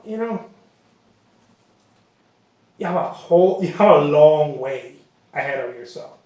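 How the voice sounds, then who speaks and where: A man teaching painting in a casual, rambling way, often repeating himself and saying "you know" while he works. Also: a little high. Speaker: painting instructor. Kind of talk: casual talk during painting session. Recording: very echoey room.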